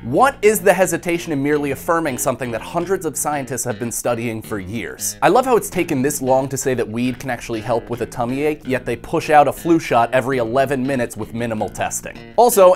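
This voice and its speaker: A man's voice: a little high, fast, few pauses. A man hosting a comedic news show, sarcastic and jokey, with some faint music underneath. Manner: sarcastic, jokey, slips into put-on voices. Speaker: host.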